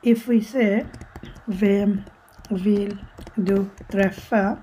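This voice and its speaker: Slow, husky-voiced woman teaching patiently. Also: medium pitch, dark tone, poor audio. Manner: patient, repeats each example and translates it. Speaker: language teacher. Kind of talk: step-by-step language tutorial.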